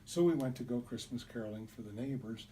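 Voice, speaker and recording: A man telling a childhood story in an animated way, acting out the voices, recorded on a distant mic with faint hiss. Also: medium pitch, fast. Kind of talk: told personal story.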